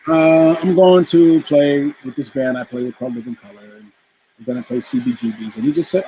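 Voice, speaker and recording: A man's voice: a little high, fairly quick, slight background noise, poor audio. A man from the Bronx, a guest musician telling a story in a casual interview and acting out the quoted voices. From the Bronx, New York. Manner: animated anecdote teller who acts out quoted voices.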